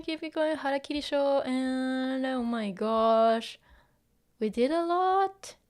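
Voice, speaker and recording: A woman hosts a relaxed livestream lesson, slipping words into her English. Her voice sits a little high. She often drops to quiet asides while she scrolls the chat. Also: clear, resonant tone. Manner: chatty, mixes English with Japanese phrases, murmurs to herself. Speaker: Japanese teacher on a livestream. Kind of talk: casual live-stream lesson, reading chat.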